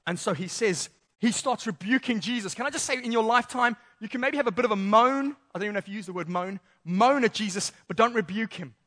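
Young male youth preacher, very high voice, lively and casual, acts out scenes. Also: quick pace. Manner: lively, acts out Bible characters in slangy voices. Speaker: youth pastor. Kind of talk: sermon.

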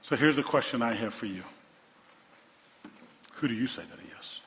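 A male pastor preaching a sermon, telling stories and swinging from loud emphasis to hushed tones. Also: mid-range voice, expressive, normal speed, creaky. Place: large church sanctuary. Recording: dull sound, long hall reverb.

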